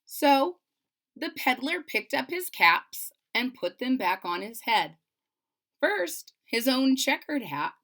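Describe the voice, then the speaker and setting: A woman reading a children's storybook aloud, playful and expressive, with chatty asides to young listeners. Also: a little high, slow pace. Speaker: storybook reader.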